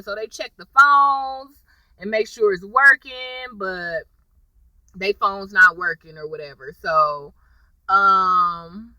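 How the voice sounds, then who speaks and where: A woman's voice: medium pitch, slow, pushed and bright, dry recording, low-quality recording. A woman, casually recapping a TV episode for viewers, chatty and sassy, calling them y'all.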